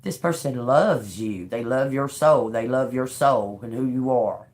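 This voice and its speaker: A woman's voice: extremely low pitch, measured pace, a little mellow. A woman giving a live-streamed tarot reading, emotional and blunt, swearing freely. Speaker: tarot reader.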